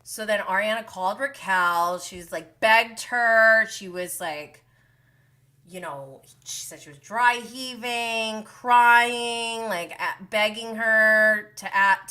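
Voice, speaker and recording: A woman hosting a live-stream gossip recap, talking in an animated, sarcastic way with exasperated asides. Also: medium pitch.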